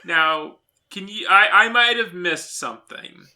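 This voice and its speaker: A man's voice: sits high, a little slow, sharp tone. A man co-hosting a casual movie review chat, easygoing and agreeable, with hesitant asides.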